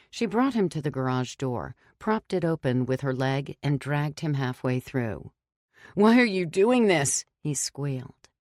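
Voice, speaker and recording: A woman narrating a horror audiobook in a steady, measured reading. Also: low voice, no room sound, studio quality.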